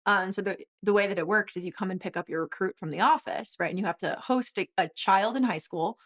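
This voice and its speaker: A woman in her twenties, a guest and former college swimmer, telling a story in animated casual conversation with quick asides. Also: medium pitch. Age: 20s.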